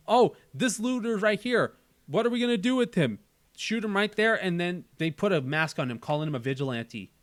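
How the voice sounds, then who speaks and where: Speaking earnestly in a casual chat, this male channel host repeats phrases as he thinks things through. His voice sits on the high side with a fairly bright tone, captured in a dry recording.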